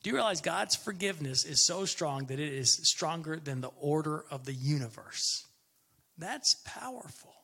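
Man pastor, gravelly and husky, bright tone, emphatic repeating sermon. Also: on the high side, normal speed, few pauses. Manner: emphatic, repeats phrases, conversational preaching.

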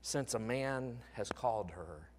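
A middle-aged man preaching a sermon as pastor, building dramatically and then dropping to hushed tones. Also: medium pitch, animated, a little slow, slight background noise. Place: church sanctuary. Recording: long reverb in a large church.

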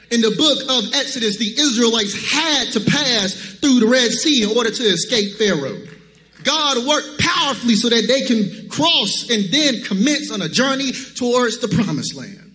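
Guy preaching in a church, really high voice, big reverb all around, fired-up sermon. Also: bright, forceful tone. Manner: emphatic preaching with rhetorical questions. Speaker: pastor. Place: church sanctuary.

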